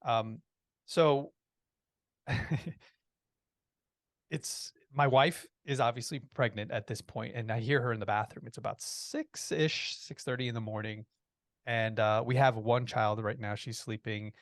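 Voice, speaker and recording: Animated male storyteller, dry sound. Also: mid-range voice, measured pace, no room sound. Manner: lively, acts out quoted voices, restarts often. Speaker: podcast guest.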